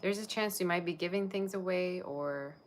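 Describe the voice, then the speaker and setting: A woman's voice: fairly low pitch, normal speed, slight background noise. A woman tarot reader chatting casually on a livestream, rambling and talking straight to her viewers.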